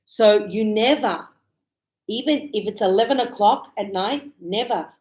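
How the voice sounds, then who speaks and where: A woman teaching an English class, speaking slowly and clearly and acting out greetings as examples. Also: medium pitch, darkish tone, rough recording. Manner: slow, clear, explaining with acted greetings. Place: Australia.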